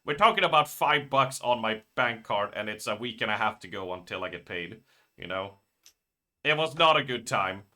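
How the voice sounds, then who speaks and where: A man's voice: on the low side, expressive, normal speed, pushed and bright. A man streaming live, telling a rambling story in casual chat and swearing freely.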